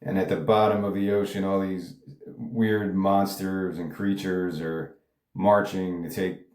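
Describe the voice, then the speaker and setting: Deep-voiced guy rambling about his songs, lots of ums, kinda echoey room. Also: little pitch movement, a little slow, darkish tone. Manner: rambling, self-interrupting, frequent filler words. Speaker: songwriter discussing his music. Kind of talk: casual monologue.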